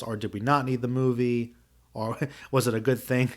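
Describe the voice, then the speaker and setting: A man's voice: mid-range voice, level tone, fast talker. A man in his thirties hosting a podcast, giving a casual, reflective spoken review with many fillers and restarts. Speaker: podcast host.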